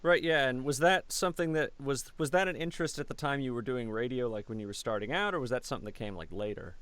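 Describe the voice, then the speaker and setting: A man hosting a casual interview, chatty and quick to laugh. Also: medium pitch, fairly bright tone, clear, resonant tone, dry recording. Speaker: interview host.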